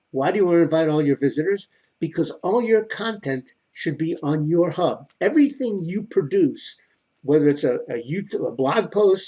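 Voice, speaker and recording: A middle-aged man with a husky, somewhat raised voice gives an instructional talk on marketing. He talks emphatically and keeps firing rhetorical questions that he then answers himself. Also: a little high, mellow. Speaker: online marketing coach.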